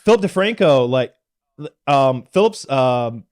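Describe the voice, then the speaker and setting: A man from Georgia in the US, a podcast guest telling lively, profane stories in casual chat. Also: medium pitch, measured pace. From Georgia, USA.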